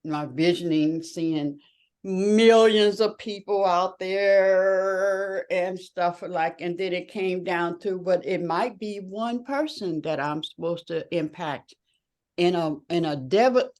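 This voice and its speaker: A woman co-hosting a group talk, reflecting aloud in a halting way and searching for her words. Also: on the low side, a little mellow. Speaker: co-host.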